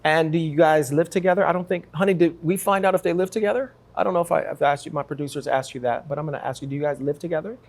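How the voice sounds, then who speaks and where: A man from Africa hosting a talk show, energetic and joking as he teases his guests. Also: fairly high pitch, rapid-fire, few pauses. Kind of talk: lively talk show interview.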